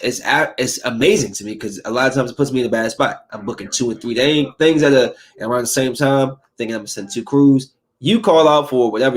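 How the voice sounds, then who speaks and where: A man hosting a podcast, ranting in a heated, preachy way and scolding his listeners. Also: medium pitch. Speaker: podcast host. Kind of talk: opinionated casual podcast rant.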